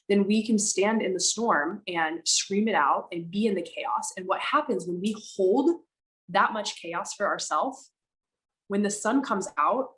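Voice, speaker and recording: A woman speaking candidly as a podcast guest, animated and emphatic, slowing down to stress her words and now and then swearing for emphasis. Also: fairly low pitch, poor audio. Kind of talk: candid conversational storytelling.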